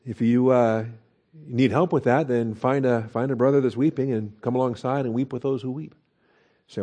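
Man teaching scripture, mellow voice. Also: mid-range voice, steady tone, brisk. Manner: conversational, with many fillers and rhetorical questions. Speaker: pastor teaching Bible study. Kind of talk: expository Bible teaching.

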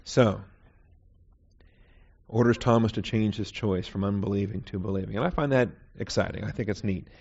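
A man's voice: fairly low pitch, normal speed, gravelly, a little mellow, slightly rough, muffled recording. A man teaching a Bible class in a conversational sermon style, often checking in with "okay?". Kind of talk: sermon lecture.

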